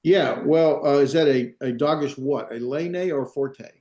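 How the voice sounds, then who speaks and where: A man teaching a classroom lesson, halting with fillers and restarts, with dry asides. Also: mid-range voice, mellow. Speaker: Hebrew teacher. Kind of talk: classroom lecture. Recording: echoey classroom.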